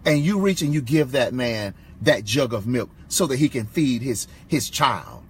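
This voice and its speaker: Husky, animated male storyteller. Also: medium pitch, unhurried. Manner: animated storyteller, affirming interjections. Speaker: co-host of inspirational show. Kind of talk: inspirational storytelling.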